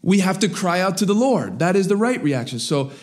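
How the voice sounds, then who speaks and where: A man preaching a sermon with a somewhat high voice. He climbs into raised, emphatic lines, then drops to low, quiet asides. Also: big pitch swings, brisk. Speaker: pastor.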